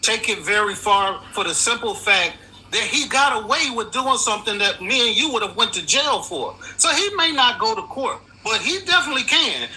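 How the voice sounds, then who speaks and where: A man's voice: extremely high pitch, sharp tone, slight background noise, poor audio. A man calling in to a talk stream who argues his side firmly and lands his points emphatically. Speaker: caller. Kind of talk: call-in debate.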